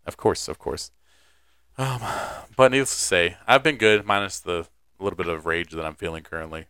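A man's voice: fairly low pitch, pushed and bright, clean tone, dry recording, studio quality. A young man co-hosting a podcast, chatting casually, joking crudely and laughing often. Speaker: podcast co-host. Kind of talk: casual chat.

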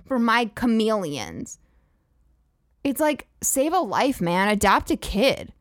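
A woman podcast host rants in a profane, sarcastic and incredulous tone, swearing freely. Her voice sits fairly high, and the recording is dry and close, with little room sound. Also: very animated, slow, dry recording. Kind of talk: comedic rant.

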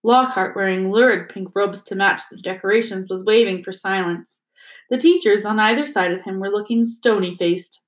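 A woman teacher reading a chapter book aloud to her students in a steady, expressive way. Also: medium pitch, moderate pace, reverberant, poor audio. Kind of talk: storybook read-aloud.

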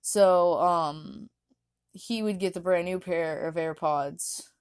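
A woman's voice: on the low side, fairly even intonation, takes it slowly, clean tone, dry recording, studio quality. A young woman casually telling a rambling personal story, often laughing and restarting her sentences. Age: young adult. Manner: rambling, giggly, lots of fillers and restarts. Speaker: vlogger.

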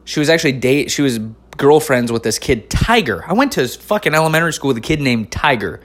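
A man's voice: medium pitch, brisk. Guy from north carolina doing stand-up, lots of swearing, voice jumps all over. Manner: animated, swears a lot, swings between loud outbursts and mumbled asides. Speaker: stand-up comedian. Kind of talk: profane comic storytelling.

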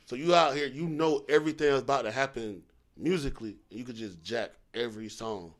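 A man co-hosting a podcast in casual chat, rambling and laid-back as he pitches ideas. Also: fairly quick. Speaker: podcast co-host.

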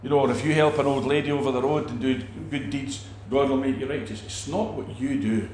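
Animated preacher man, echoey room. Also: mid-range voice, brisk, slight background noise. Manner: animated, acts out quoted preachers, many restarts. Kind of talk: conversational teaching on faith.

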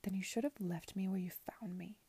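A woman reading aloud softly, voicing a cold, proud young heiress in a whispered reading. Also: mid-range voice, steady tone, a little fast, breathy edge, no echo. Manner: curt, stony.

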